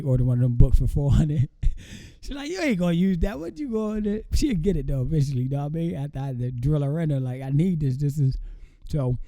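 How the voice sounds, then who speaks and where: A man's voice: on the high side, dark tone, no echo. A man in his thirties, a podcast guest, telling his life story in casual street slang, often asking "you feel me".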